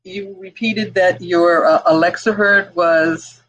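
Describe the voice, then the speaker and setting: A woman's voice: fairly low pitch, steady tone, slow pace, fairly bright tone, low-quality recording. A woman interviewer in a book event conversation, amused and laughing often.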